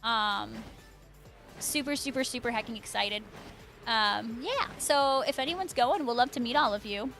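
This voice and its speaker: A woman's voice: fairly high pitch, unhurried, a bit bright, soft background music. A young adult woman livestreaming, chatting casually with viewers and reading their messages in a bubbly, gushing way. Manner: bubbly, gushing, reads viewer names aloud. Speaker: streamer reading chat.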